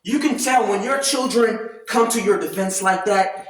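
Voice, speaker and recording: A man ranting loudly and animatedly in casual commentary, swearing freely. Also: sits high, moderate pace. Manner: loud, animated, profane ranting. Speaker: commentary vlogger. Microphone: camera mic at a distance, no clip-on mic. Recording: very echoey room, voice far from mic.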